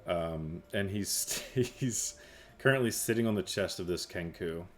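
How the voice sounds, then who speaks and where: A man's voice: low voice, measured pace, slight background noise. A man narrating as game master of a tabletop game, rambling through scenes with many fillers. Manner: rambling, filler-heavy storytelling.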